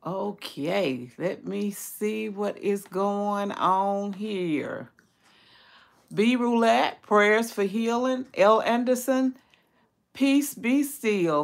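A woman's voice: very slow, vocal fry. An older woman hosting a casual cooking livestream, greeting viewers by name and reading their comments aloud. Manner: excited high squeals and laughter when greeting friends. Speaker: cooking channel host.

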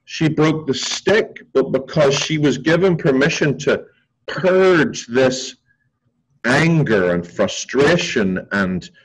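A man with a husky, slightly breathy voice sits in as a talk show guest. He is a martial arts instructor, and he tells a story with lively acted-out quotes. His pitch stays in an ordinary middle range. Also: poor audio. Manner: animated storyteller acting out quotes. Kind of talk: storytelling in casual chat.

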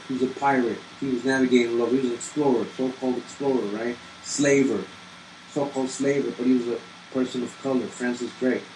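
A man's voice: medium pitch, darkish tone. Man, talk-show host type, reads lists and pushes the audience with questions; echoey room, faint AC hum. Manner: challenging, rhetorical questions to viewers. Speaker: genealogy video host. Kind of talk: reading records aloud with commentary.

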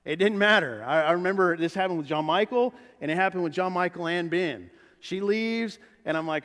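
A man preaching a sermon as pastor, animated and acting out the voices he quotes. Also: high voice, brisk, hardly any pauses. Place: church sanctuary. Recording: church hall reverb.

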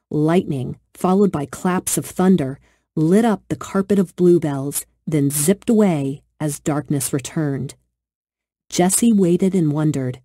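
A woman reads a children's storybook aloud in a gentle, expressive way. Her voice is lowish with a dark, mellow warmth, and the sound is dry and close. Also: no room sound. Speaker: narrator.

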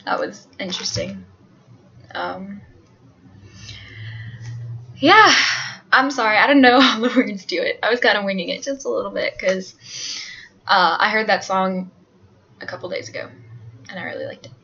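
A young woman, a student, chatting casually and self-deprecatingly to her viewers, her voice a bit hoarse. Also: medium pitch, moderate pace, long pauses, pushed and bright, muffled recording, slight background noise. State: voice hoarse and under strain. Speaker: student vlogger.

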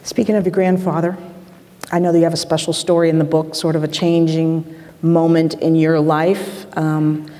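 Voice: mid-range voice, level tone, moderate pace, mellow. A friendly interviewer asking questions in an onstage interview, with joking asides. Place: lecture hall with an audience. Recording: long reverb of a hall.

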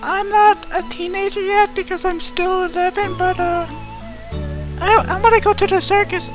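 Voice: extremely high pitch, fairly even intonation, normal speed, music in the background, poor audio. A performer voicing an eleven-year-old boy playing a game for the first time, rambling with many uhs and easily shocked, in a staged gameplay commentary skit.

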